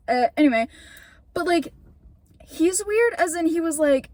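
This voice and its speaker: High-voiced young woman ranting casually. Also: animated, moderate pace, a little mellow, no echo. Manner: rambling, heavy swearing, many fillers. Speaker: vlogger. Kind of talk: casual storytime rant while driving. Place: in a car.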